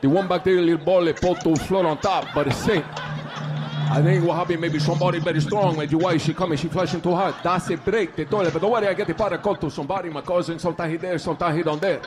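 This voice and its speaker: A man's voice: fairly high pitch, fairly even intonation, fast talker, a crowd in the background, background noise, voice pushed up, close to an everyday voice. A man voicing a male building superintendent who rambles through technical excuses in broken English. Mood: rambling.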